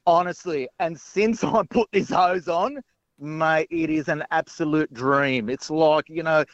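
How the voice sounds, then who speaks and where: A man's voice: a little high, unhurried, dry recording, highs cut off. A man with an Australian accent, gushing enthusiastically in a radio chat and saying "mate" constantly. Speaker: caller in a sponsored segment.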